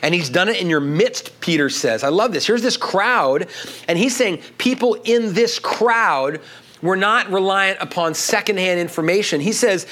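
A middle-aged man preaching a sermon with a somewhat high voice for a man. His delivery swings widely, climbing to emphatic bursts before sinking into low, quiet stretches. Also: expressive, moderate pace. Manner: expository preaching, builds to emphatic peaks then drops low and quiet. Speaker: pastor.

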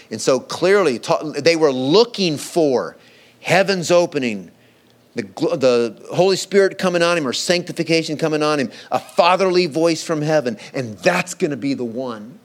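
Man preaching, sermon, fairly high voice, dramatic scripture reading. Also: animated, normal speed. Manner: dramatic, acting out quoted voices. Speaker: pastor.

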